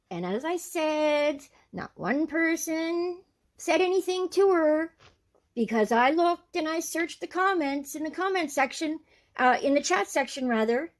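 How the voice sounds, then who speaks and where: A woman hosting her channel, giving casual, indignant commentary. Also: high voice. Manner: indignant, scolding. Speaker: channel host.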